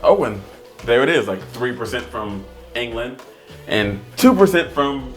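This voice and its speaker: A man's voice: medium pitch, lively intonation, measured pace, music in the background. A man vlogging to camera, explaining things in a casual, playful and self-deprecating way. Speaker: family vlogger.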